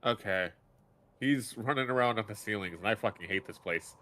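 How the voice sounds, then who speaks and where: A man playing a tabletop game, chatting casually in a jokey, expressive way and swearing freely. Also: on the low side, a little fast. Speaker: player.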